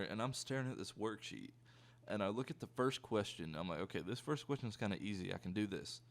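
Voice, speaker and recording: Brief: a young man doing a storytime, low and gravelly, swearing and rambling. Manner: profane, rambling, animated storytelling. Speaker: YouTuber. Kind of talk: casual storytime.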